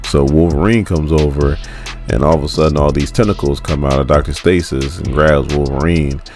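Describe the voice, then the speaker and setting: Very deep-voiced man recapping comics casually. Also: fairly even intonation, normal speed, a little mellow, soft background music. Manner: chatty, laughs often, retells dialogue loosely. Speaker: comic book recap host.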